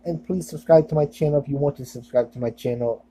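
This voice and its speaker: A man's voice: mid-range voice, fast, mellow, breathy edge, rough recording. A young man vlogging in a casual, rambling monologue, full of fillers and self-deprecating asides.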